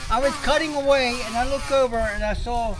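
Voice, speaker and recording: A man's voice: very high voice, brisk, music in the background, rough recording. A man telling a rambling story while chatting outdoors in a yard. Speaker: neighbour and guest.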